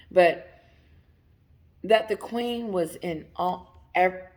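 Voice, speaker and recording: A woman in a casual commentary, talking straight to her viewers with lots of emphasis and frequent laughter. Her voice has a gravelly edge, her pitch swings widely, and she takes her time getting the words out. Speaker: commentary channel host.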